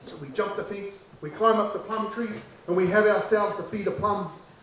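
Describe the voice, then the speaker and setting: Telling a story from his childhood at a normal speed, a New Zealand man with a notably high voice livens things up by repeating lines for effect. The mic sits far off in a heavily echoing room, and a slight hiss runs underneath.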